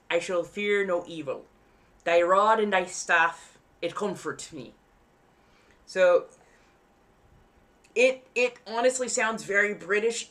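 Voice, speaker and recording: A woman's voice: low-pitched, a bit bright. A woman hosting a live stream in casual chat, rambling easily and enunciating carefully around costume fangs. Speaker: livestream host.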